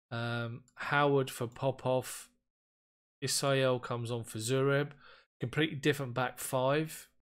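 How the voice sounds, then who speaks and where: A man giving casual commentary on a football management game, getting excited and frustrated as chances slip away. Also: medium pitch. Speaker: gaming YouTuber.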